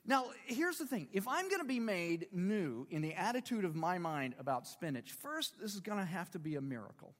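A man in his fifties delivers a sermon in a chatty, joking way and keeps checking that his listeners follow. His voice sits fairly high and jumps around a lot. A long reverb hangs behind him, as in a large hall. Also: very animated, moderate pace, hardly any pauses. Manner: conversational preaching with rhetorical questions and humor. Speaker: pastor.

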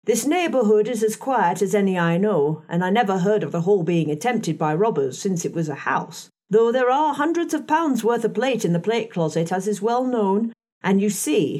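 Woman reading as a calm, guarded servant woman. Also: medium pitch, natural voice. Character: composed, guarded middle-aged female servant. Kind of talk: audiobook character reading.

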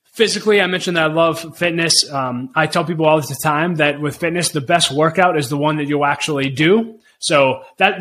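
An earnest middle-aged man hosts a solo podcast with a slightly raised pitch. He speaks in an encouraging, motivational way and often repeats his key points. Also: a bit bright, slight background noise. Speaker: podcast host.

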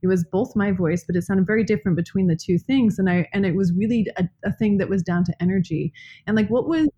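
A woman's voice: medium pitch, fast talker, warm tone, husky, muffled recording. A woman in casual podcast talk, smiley and chatty, often restarting her sentences. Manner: smiley, talkative, many restarts. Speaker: podcast co-host, yoga teacher.

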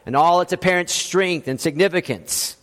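Throwing rhetorical questions at the congregation, a male pastor preaches with force at a normal pace. His voice is high for a man and a bit bright. The recording carries a church hall's long reverb.

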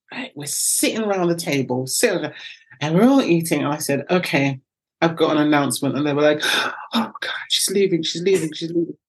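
A middle-aged woman from the UK tells her story with animated energy, acting out the voices of others. Her voice sits on the low side and sounds a little husky. Her pitch swings widely as she talks. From United Kingdom. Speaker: guest. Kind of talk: storytelling interview.

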